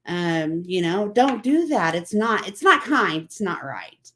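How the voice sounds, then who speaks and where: A woman's voice: mid-range voice, very animated, takes it slowly, a bit bright, a little hiss or hum. A woman hosting a casual motivational talk, chatting and repeating herself as she quotes other people. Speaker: vlog host.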